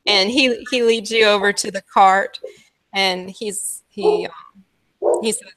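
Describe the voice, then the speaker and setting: A woman's voice: medium pitch, steady tone, slow, a bit bright. A woman narrating a tabletop game as game master, descriptive and loose, with many "like"s. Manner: descriptive, full of "like" and chuckles.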